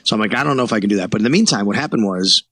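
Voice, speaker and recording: A man's voice: on the low side, animated, very fast, a bit bright, no room sound. A man from Buffalo, New York, a sports reporter who is a podcast guest, telling his story animatedly and acting out quoted dialogue. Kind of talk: casual storytelling interview.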